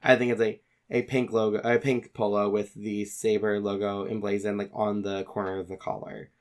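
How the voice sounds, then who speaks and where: A man's voice: fairly low pitch, level tone, normal speed. A man narrating his character's actions in an actual-play tabletop game, casual and descriptive with frequent fillers. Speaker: player.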